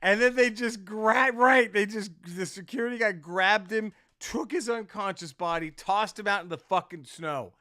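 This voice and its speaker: Forceful, dry-sounding male comedian telling stories. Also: sits high, normal speed, hardly any pauses, dry recording. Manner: animated, profane storytelling. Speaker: comedian, podcast host. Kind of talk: storytelling casual chat.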